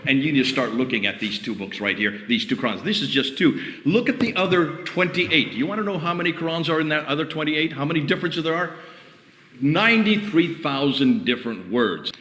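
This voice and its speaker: A man's voice: mid-range voice, big pitch swings, brisk, fairly bright tone, roomy sound, long reverb tail. A man preaching in a heated open-air debate, firing off challenging rhetorical questions. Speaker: street preacher.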